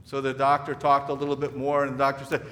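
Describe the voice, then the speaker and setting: A man's voice: mid-range voice, completely flat delivery, fast talker, a bit bright, long reverb tail. A man preaching a sermon, telling a story in a conversational way with frequent restarts. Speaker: pastor.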